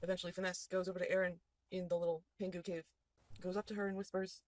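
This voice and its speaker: A game master recapping a tabletop adventure, telling the story at a rapid clip. The voice sounds dry and close, with animated, lively narration. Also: medium pitch, no room sound, poor audio.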